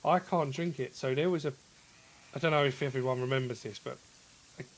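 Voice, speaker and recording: A man's voice: medium pitch, brisk, low-quality recording. Laid-back man on voice chat. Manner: laid-back, hesitant, repeats words. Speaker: co-player on stream. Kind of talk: casual gaming chat.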